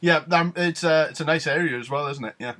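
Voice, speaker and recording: A man's voice: fairly high pitch, a little fast, pushed and bright. A man with a toned-down Newcastle accent interviewing a guest, friendly and hesitant with many ums. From England. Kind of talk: casual interview chat.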